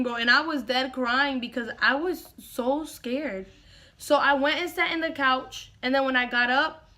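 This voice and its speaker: A young woman recounts a story to her followers in a casual vlog. Her voice sits high and sounds bright, and she talks in an animated way, dropping "bro" into her sentences. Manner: animated, slangy, says "bro" often. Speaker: vlogger.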